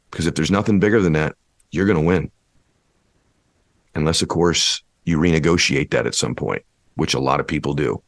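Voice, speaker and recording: A man giving a motivational speech, preachy and building to impassioned shouting. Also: sits low, dry recording, clean studio sound. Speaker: motivational speaker.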